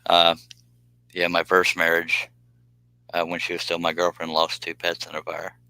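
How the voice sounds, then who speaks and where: Low bright-toned man chatting while working. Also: monotone, normal speed, dry recording, rough recording. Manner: rambling, self-deprecating, chuckles often. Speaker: live stream host reading chat. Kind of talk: casual live stream chat while working. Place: workshop.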